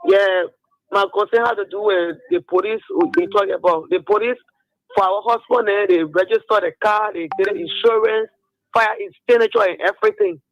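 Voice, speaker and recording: A man's voice: high voice, moderate pace, a bit bright, dull audio. A man with a Liberian English accent calling a radio show to complain, insistent and repetitive. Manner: insistent, repeats himself. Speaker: caller. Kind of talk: call-in complaint. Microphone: phone.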